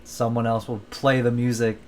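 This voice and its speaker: A man co-hosting a podcast in a mid-pitched voice, chatting loosely and excitedly. He swears freely and breaks into laughter as he talks. A faint hiss of background noise runs behind him. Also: moderate pace. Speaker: podcast co-host. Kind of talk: casual chat.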